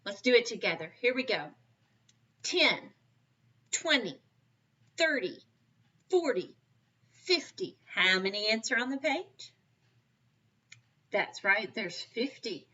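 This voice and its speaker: A woman's voice: a little high, very animated, slow, long pauses, pushed and bright, husky, dull audio. A woman teaching a recorded kindergarten math lesson, upbeat and encouraging, coaxing children to count along with her.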